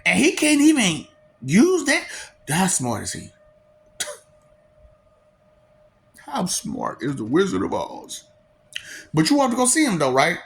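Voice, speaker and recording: Gravelly guy ranting to camera, laughs a lot, swears, voice jumps way up and down. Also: a little slow, long pauses. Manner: laughs often, swings from low mutter to high excited bursts; swears freely, taunting. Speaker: vlogger. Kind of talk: rambling comedic monologue.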